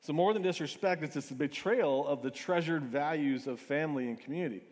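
A man with a fairly high voice preaches a sermon in an easygoing, chatty way, often circling back to restart a phrase. His voice rings out through a large hall with a long echo. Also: a little fast, a little mellow. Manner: conversational, with frequent restarts and asides. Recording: reverberant hall.

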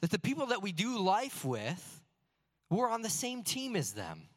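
A man preaching a sermon as a pastor in a church sanctuary, telling stories earnestly and slowing down to stress key phrases. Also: high-pitched, huge pitch swings. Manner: earnest storytelling with slow emphatic phrases. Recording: long hall reverb.

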